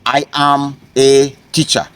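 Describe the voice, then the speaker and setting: Male language teacher outdoors, slow and patient, repeats himself, lots of "uh". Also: mid-range voice, level tone, a bit bright. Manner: slow, repetitive teaching with frequent fillers. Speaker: French teacher. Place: outdoors in nature.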